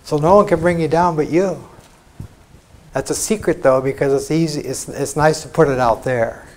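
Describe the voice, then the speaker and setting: A man's voice: fairly high pitch, normal speed. An older American man giving an informal spiritual talk in a lecture hall, frank and conversational, with salty asides and mock quotes. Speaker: spiritual teacher.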